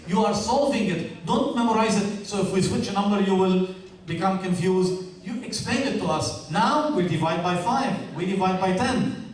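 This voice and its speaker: Male teacher, higher voice, encouraging classroom feedback, recorded far off in a reverberant hall. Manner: encouraging, coaching, repeats "okay?". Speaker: teacher giving feedback to students. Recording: echoey room, mic far off.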